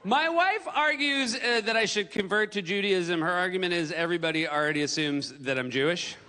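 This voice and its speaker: Performing stand-up in a theater, a man with a high voice tells stories at a slightly fast clip, acting out the quotes in an animated way. A long reverb tail trails his words, and there's a faint hiss or hum.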